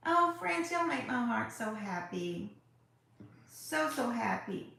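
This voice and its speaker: This craft livestream host has a fairly high, slightly bright voice. She's chatty and effusive, greeting viewers by name as she runs her live tutorial in a very echoey room.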